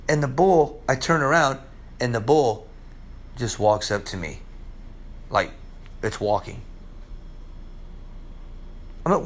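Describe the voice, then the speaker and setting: A man preaching a sermon, telling stories with big swings between loud excitement and hushed, low moments. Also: slow pace, creaky, pauses often. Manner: animated storytelling preacher, swinging from loud highs to hushed lows. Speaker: pastor.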